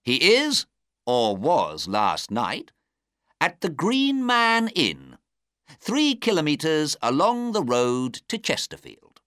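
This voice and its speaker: A man reads as a clever detective whose speech is measured and coldly polite. The voice sits well above the reader's low narrating tone and swings freely in pitch. It is bright and dry, recorded close up. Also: huge pitch swings, no echo, full character voice. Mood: cool, assured.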